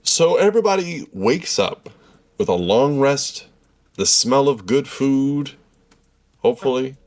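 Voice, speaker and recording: A man in his forties narrating a tabletop game as game master, animated and checking the rules as he goes. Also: medium pitch, measured pace, dry recording.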